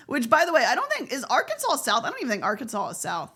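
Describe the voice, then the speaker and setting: A woman streamer with a general American accent talks loosely with her chat in a slightly high voice. Her pitch leaps and swoops all over, and she swears freely and breaks into laughter between lines. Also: wildly swooping pitch, a little fast, bright, forceful tone. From Southern United States. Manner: profane, joking, laughs often. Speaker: VTuber streamer. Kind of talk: casual live-stream chat with viewers.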